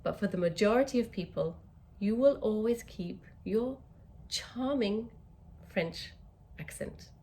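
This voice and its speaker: A woman's voice: mid-range voice, lively intonation, measured pace, warm tone. English woman coaching with emphatic stresses. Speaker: communication skills coach. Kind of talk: teaching to camera.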